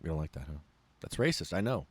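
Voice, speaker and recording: A man hosting a podcast, ranting in a casual, profane and animated way. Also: very deep voice, quick pace, slightly rough. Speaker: podcast host.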